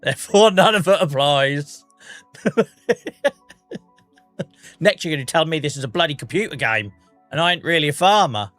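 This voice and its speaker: A chatty man from the UK with an English regional accent, a bit under the weather, talking on a live stream. His voice is bright and forward, with faint music playing behind him. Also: on the high side, expressive, moderate pace, long pauses, dry recording. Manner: chatty, laughs often, British slang. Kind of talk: casual live-stream chat.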